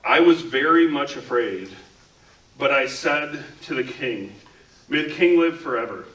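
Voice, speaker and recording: A man's voice: mid-range voice, expressive, measured pace, a bit bright, recorded from a distance. A man preaching a conversational sermon as a pastor, talking casually with many "like" fillers. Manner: casual, talks with frequent "like" fillers. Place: church. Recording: echoey room, speaker away from mic.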